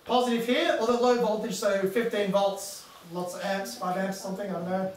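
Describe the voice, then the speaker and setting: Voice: medium pitch, steady tone, brisk. A presenter giving a casual hands-on demonstration to a group, thinking aloud in an offhand, chatty way. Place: echoey room with a group. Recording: echoey room, distant mic, background noise.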